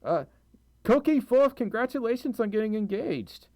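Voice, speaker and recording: A man's voice: sits high, very animated, moderate pace, darkish tone, dry recording, studio quality. A young man livestreaming, reading out donations and chat messages in a rambling way with lots of fillers, tired and sore-throated with a recurring cough. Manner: rambling, many fillers, stumbles over reading.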